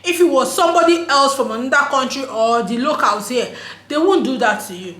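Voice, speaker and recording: A woman's voice: high voice, lively intonation, fairly quick, fairly bright tone. A woman from Nigeria with a Nigerian accent, vlogging in a casual, emphatic monologue, laughing often and slipping into pidgin phrases. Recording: roomy echo.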